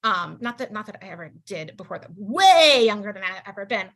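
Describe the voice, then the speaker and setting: A stand-up comedian in her thirties performs a set over a video call, speaking briskly in a mid-range voice. Animated, she leaps into exaggerated quoted voices with big swings.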